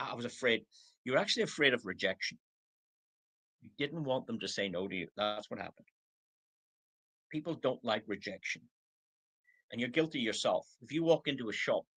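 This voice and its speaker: Older man, 60s, bright tone, motivational trainer on a video call. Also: lowish voice, breathy edge, low-quality recording. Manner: acts out prospects' replies in quoted voices. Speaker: network marketing trainer.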